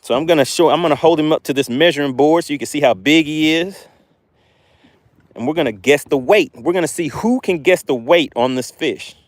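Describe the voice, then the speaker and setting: An excitable man hosts a live fishing stream from a boat out on a windy lake. He talks straight to his viewers, repeating his phrases with eager energy. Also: on the high side, a little fast, no room sound.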